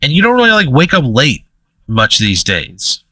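Bright-voiced man spinning a rambling tale. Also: medium pitch, wildly swooping pitch, normal speed, no room sound. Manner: rambling storyteller, laughs mid-sentence, many fillers. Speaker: podcast co-host. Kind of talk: casual comedic chat.

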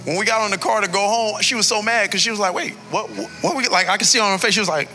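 A man's voice: sits high, steady tone, very fast, bright, forceful tone, soft background music. A man in his thirties, a pastor telling a personal story in a sermon, emotional and building to a preaching cadence.

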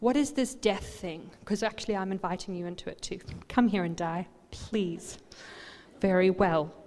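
A woman pastor preaching a sermon, swinging from quiet asides to loud, animated outbursts. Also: mid-range voice, moderate pace, a little hiss or hum. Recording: long hall reverb.

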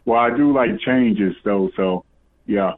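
A man talks over a tinny, phone-like line, his voice a little low. He rambles, halts and restarts, filling the gaps with "um" and "like". It sounds like a casual call-in. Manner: hesitant, halting, many fillers. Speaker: caller.

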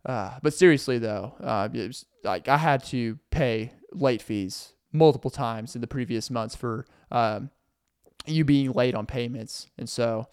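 Young guy from arkansas rambling to camera, smooth clear voice, sarcastic, lots of um and like. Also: medium pitch, measured pace. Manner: rambling, sarcastic, acts out mock voices of passive aggressive people. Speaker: vlogger. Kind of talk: casual monologue to camera.

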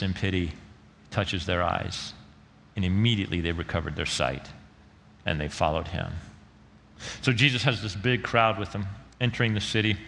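A man's voice: on the low side, a bit bright, long reverb tail. A male pastor preaching a sermon in a conversational way, using casual slang and acting out quotes.

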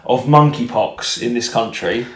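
A man's voice: medium pitch, measured pace, fairly bright tone. A man co-hosting a casual podcast, rambling and joking, swearing freely. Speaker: podcast co-host. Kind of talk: casual chat. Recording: echoey room.

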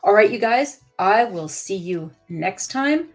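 A woman's voice: mid-range voice, animated, takes it slowly, faint music behind. A middle-aged woman hosting a motivational coaching podcast, talking candidly and emphatically to her listeners. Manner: candid and emphatic, with casual swearing. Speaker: podcast host and leadership coach.

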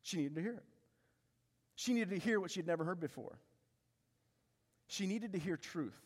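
A pastor preaches in a church sanctuary, his high voice expressive and slightly rough at a normal speed. He is emphatic, repeats key phrases, and poses rhetorical questions to the congregation. The recording carries the long reverb of a large hall.

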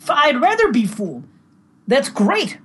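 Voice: high-pitched, wildly swooping pitch, a little slow, fairly bright tone, slight background noise, poor audio. A podcast host reflecting and telling stories in an easygoing way during casual banter.

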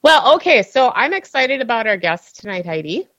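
A woman's voice: on the high side, big pitch swings, normal speed, fairly bright tone, no echo. A woman hosting a show who keeps affirming people and welcoming the guest with enthusiasm. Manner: enthusiastic, affirming, says "awesome" a lot. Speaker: host. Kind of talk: casual chat. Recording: dry, slightly dull.

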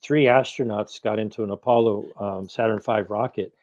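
A man in his sixties talks as an activist guest, driving his points home emphatically and throwing in rhetorical questions. His voice is mellow and warm. The audio is dry and slightly dull, like a lo-fi remote connection. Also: lowish voice, fairly even intonation, moderate pace, no room sound. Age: 60s. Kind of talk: interview conversation.

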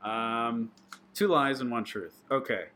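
A man chatting as a podcast guest, halting and animated, with lots of fillers and laughter. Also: medium pitch, slight background noise. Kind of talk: casual chat.

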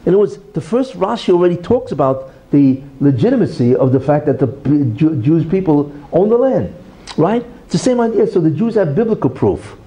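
His voice runs a little high and fairly quick as he offers an animated, informal religious talk, regularly checking in with "right?" and "you see." The recording sounds muffled.

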